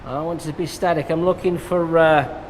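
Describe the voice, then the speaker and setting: An English hairdresser talks through a haircut while he works, easygoing and chatty between snips. His voice carries a long reverb from a hard-walled salon. Steady background noise sits under it. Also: a little high, a little fast. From England. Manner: relaxed, jokey, talks while cutting. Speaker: hairdresser demonstrating a cut. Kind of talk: live haircut tutorial with banter.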